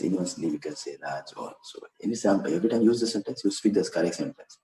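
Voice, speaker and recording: A man teaching spoken English in an online lesson, explaining slowly and haltingly with many restarts. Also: sits low, animated, mellow, roomy sound, poor audio.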